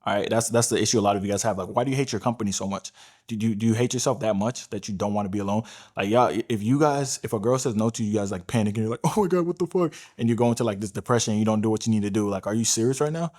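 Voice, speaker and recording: A man's voice: lowish voice, rapid-fire, a little mellow. A man giving blunt, profane dating advice to the camera, often tagging his points with "all right?" and "right?". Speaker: dating coach.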